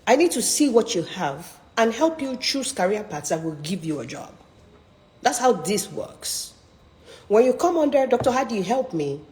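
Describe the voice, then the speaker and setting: A woman's voice: medium pitch, very animated, a little slow, a little mellow, long reverb tail, poor audio. A middle-aged woman career coach giving an emphatic, persuasive online talk with a preacher-like drive.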